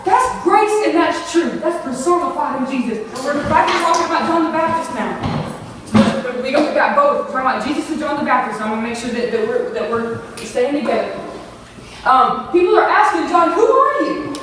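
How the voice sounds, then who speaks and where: A woman's voice: sits high, lively intonation, fairly quick, fairly bright tone, slight background noise. A woman preaching a sermon, earnest and talking with many restarts and asides, with grandchildren. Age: older. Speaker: youth ministry speaker. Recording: echoey hall from far off.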